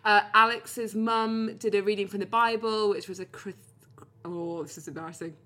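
A woman's voice: mid-range voice, fairly even intonation, moderate pace, sharp tone. A young British woman co-hosting a podcast, telling a story in casual chat, swearing freely and laughing often. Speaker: podcast co-host.

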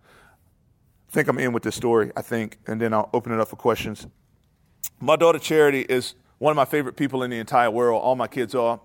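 A man preaching a sermon, telling a family story in a relaxed, conversational way and then dropping into a quiet prayer. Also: medium pitch, fairly quick.

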